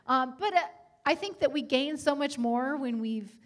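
Woman, church guest speaker, gentle and earnest, slightly higher voice. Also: expressive, moderate pace. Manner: earnest, warm, gentle with frequent fillers. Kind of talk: church talk on etiquette.

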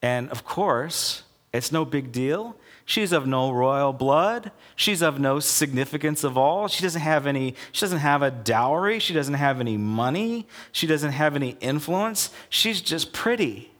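A middle-aged male pastor preaching a sermon, telling the story in a lively, casual way and acting out the quotes. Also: fairly high pitch, unhurried, hardly any pauses.

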